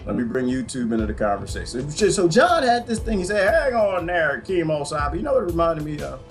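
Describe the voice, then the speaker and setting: A man from the Washington DC area who hosts a livestream and rambles through a morning monologue to his viewers. He swings from loud outbursts to low muttering and laughs often. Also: very animated, quick pace, soft background music. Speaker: livestream host.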